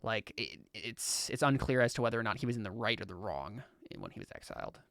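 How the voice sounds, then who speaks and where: A man's voice: fairly low pitch, very animated, quick pace, creaky, a bit bright, no room sound. A young man running a tabletop game as game master, explaining the lore in a rambling way with lots of restarts.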